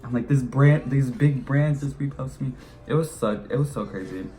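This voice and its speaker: A man's voice: medium pitch, moderate pace, warm tone, soft background music. A teenage man vlogging, telling a story in a casual chat and acting out his own past lines with lots of energy. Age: teens.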